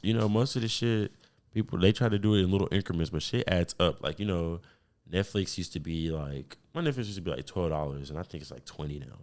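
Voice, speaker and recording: A young man from Texas hosting a podcast, talking in a relaxed, rambling and profane way. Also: low-pitched, fast talker. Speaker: podcast host. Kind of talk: casual chat.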